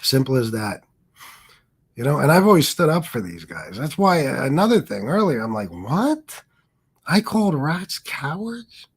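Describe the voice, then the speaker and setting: A man's voice: medium pitch, very animated, normal speed, gravelly, slightly rough. A middle-aged man hosting a livestream, talking in a defensive, rambling, profane way. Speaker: livestream host. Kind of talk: casual livestream monologue.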